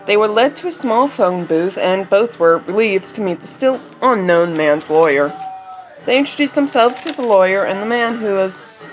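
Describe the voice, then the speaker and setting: A woman's voice: medium pitch, lively intonation, normal speed, soft background music, poor audio. A woman reading her story aloud, narrating with chatty, self-joking asides.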